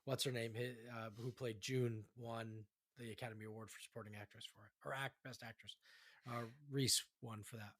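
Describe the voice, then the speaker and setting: A man's voice: medium pitch, steady tone, normal speed, a bit bright, no room sound. A man co-hosting a casual movie podcast, enthusiastic and heavy on fillers while he recalls film facts. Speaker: podcast co-host.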